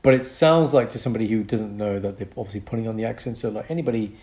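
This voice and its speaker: A man's voice: on the low side, rapid-fire, darkish tone. A man co-hosting a casual podcast, explaining medical conditions and chuckling between points.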